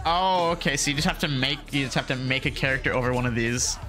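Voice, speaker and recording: A gaming video creator doing let's play commentary, excitable, laughing a lot and yelling and swearing at the game. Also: medium pitch, fast talker. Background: game music.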